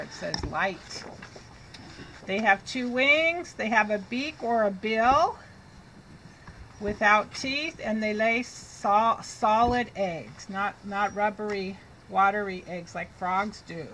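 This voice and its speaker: A woman teaching a children's reading lesson, speaking slowly and clearly and sounding out words in an encouraging way. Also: a little high, bright, forceful tone, a little hiss or hum, low-quality recording.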